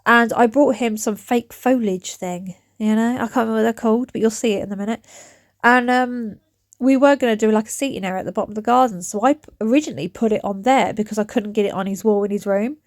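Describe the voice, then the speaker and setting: A woman's voice: fairly high pitch, fast talker, no echo, clean studio sound. Chatty woman vlogging from her garden. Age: around 40. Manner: rambling, chatty, loses her thread. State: dry throat. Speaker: DIY vlogger. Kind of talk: chatty vlog talk to camera. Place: outdoors in her back garden. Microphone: phone camera.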